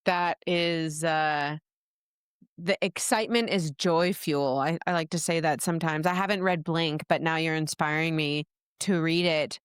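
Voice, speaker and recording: A woman's voice: deep voice, fairly even intonation, measured pace, clean tone, dry recording, clean studio sound. A woman hosting an interview podcast, asking thoughtful questions and reflecting back on her guest's words. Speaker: podcast host.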